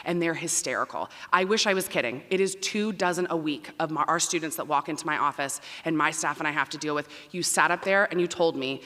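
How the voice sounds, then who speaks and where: A woman who works as a dean of students, giving a loud, emphatic welcome speech to families in a large auditorium. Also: sits low, fast, hardly any pauses. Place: large performing arts auditorium. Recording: long reverb in a big hall.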